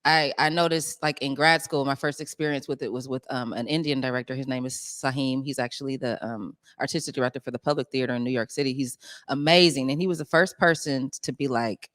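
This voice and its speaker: Bright-voiced actress chatting in a dry room. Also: female voice, extremely low pitch, fairly quick, hardly any pauses, no echo. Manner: lively, laughs often, many fillers like "um" and "like". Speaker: stage actress, interview guest. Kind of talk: casual interview chat.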